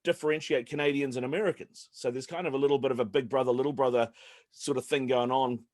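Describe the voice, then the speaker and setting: A man's voice: mid-range voice, fairly even intonation, quick pace, darkish tone. Easygoing male co-host from New Zealand. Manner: easygoing, rambling with fillers. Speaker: podcast co-host. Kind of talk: casual video chat.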